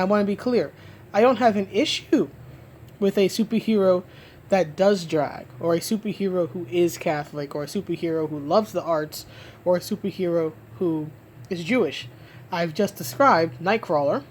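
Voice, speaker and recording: A comic book commentator with a lowish, darkish voice rants emphatically on her own about comics, over slight background noise. She restarts and repeats herself often while arguing her point.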